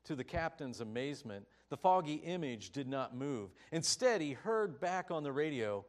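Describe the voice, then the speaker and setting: A man preaching a sermon, telling a story with animated, emphatic delivery. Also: medium pitch, normal speed, hardly any pauses. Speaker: pastor.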